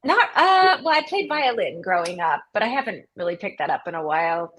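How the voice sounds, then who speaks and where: A middle-aged music teacher and opera singer talks fast in a lowish voice during a casual interview, acting out children's voices as she tells lively stories. The recording is rough, with slight background noise.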